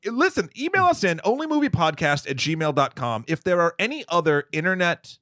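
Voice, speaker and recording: Animated, lively-voiced male podcast co-host. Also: high voice, fairly quick, dry recording, clean studio sound. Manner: animated, rambling storyteller. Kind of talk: casual chat.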